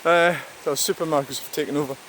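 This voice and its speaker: A man's voice: fairly high pitch, fairly even intonation, a bit bright. A Scottish man chatting casually as he walks outdoors by a river, rambling, swearing now and then, and talking to the camera. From Scotland. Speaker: vlogger. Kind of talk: casual walking vlog talk. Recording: rushing stream noise outdoors.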